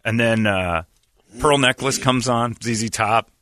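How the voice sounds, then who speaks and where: A man's voice: medium pitch, unhurried, bright, forceful tone, dry recording, clean studio sound. A man hosting a morning radio show, telling a rambling, self-deprecating story in casual chat and laughing often.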